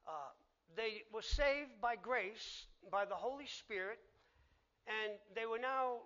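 A man gives a conversational sermon, voicing the people in his story as he goes. His voice sits high and sounds bright. The recording is dull and lo-fi. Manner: conversational preaching, acts out dialogue. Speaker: preacher.

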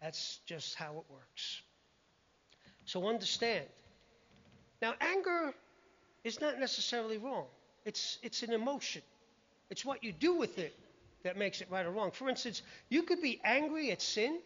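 A man's voice: extremely high pitch, big pitch swings, a little slow, pauses often, a bit bright. A man preaching a sermon in a conversational, emphatic way, often quoting scripture. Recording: muffled lo-fi recording.

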